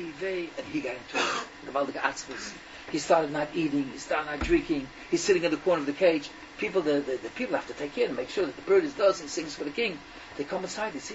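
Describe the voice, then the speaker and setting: An older man telling a folk tale with Yiddish phrases, animated, stumbling and restarting as he acts out the characters. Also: fairly high pitch, fast talker, distant mic. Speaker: storyteller. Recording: dull lo-fi recording with faint noise.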